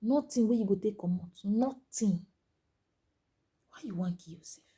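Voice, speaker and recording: A woman speaking Nigerian Pidgin in a motivational monologue, urging listeners with repeated phrases, rising to loud emphasis and dropping to hushed whispers. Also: medium pitch, normal speed, breathy edge. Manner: exhorting, repetitive, swings between loud emphasis and hushed whispers.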